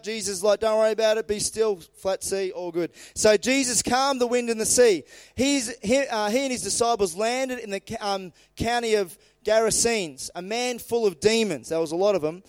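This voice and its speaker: Man, preacher, sermon, casual storytelling, high voice, dry close sound. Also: smooth, no room sound. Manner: lively storytelling, retells scripture in casual everyday phrasing.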